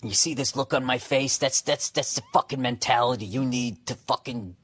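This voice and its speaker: A man's voice: mid-range voice, normal speed, a bit bright, slightly rough. A man talking in casual chat, rambling into sarcastic, profane rants.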